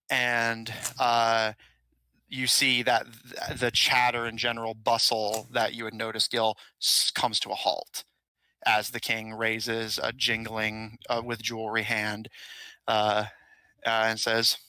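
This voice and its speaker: A man runs a tabletop game with a very bright, forward voice. He narrates casually, filling gaps with "uh"s and restarts. The sound is dry and close. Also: fairly low pitch, smooth, dry recording, rough recording. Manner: casual, filler-heavy narration with frequent "uh"s. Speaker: game master.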